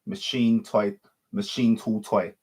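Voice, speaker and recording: A man's voice: fairly low pitch, flat delivery, takes it slowly, a little mellow, husky. A man giving an unscripted spiritual monologue as a teacher, repeating and reworking his phrases and often correcting himself. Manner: repetitive, circling phrasing with frequent self-corrections.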